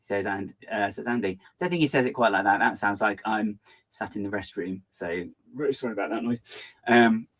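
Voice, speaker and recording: Reading out comments from his viewers, this live stream host talks in a lowish voice, rambling along at a fast, hyper clip.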